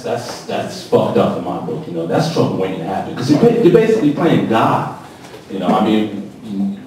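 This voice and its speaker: A man's voice: on the low side, a little mellow, far from the mic. A man in his twenties doing a loose, profane, rambling stand-up set, tipsy on stage. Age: 20s. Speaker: stand-up comedian. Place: comedy club stage. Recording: echoey club from afar, crowd noise. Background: audience reactions.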